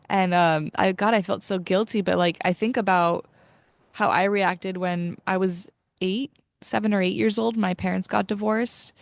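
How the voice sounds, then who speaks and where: Young female podcast host, chatty and heartfelt, gravelly edge, dry sound. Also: mid-range voice, steady tone, unhurried, dry recording. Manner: emotional, chatty, many fillers. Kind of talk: casual interview chat.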